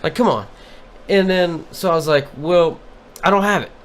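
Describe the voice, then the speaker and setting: Man, podcast co-host, profane exasperated storytelling, slightly high voice, faint hiss behind. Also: moderate pace, a bit bright. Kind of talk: casual chat.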